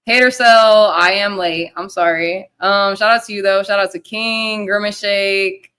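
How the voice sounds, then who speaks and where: A young woman hosting a casual livestream, rambling loosely, swearing and giving shout-outs to the chat. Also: medium pitch, steady tone, measured pace, smooth. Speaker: livestream host.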